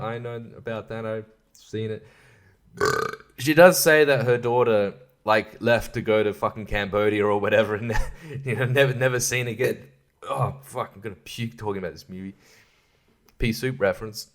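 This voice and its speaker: A podcast host with a mid-range voice reviews a film sarcastically and at rambling length, swearing plenty and laughing at his own jokes.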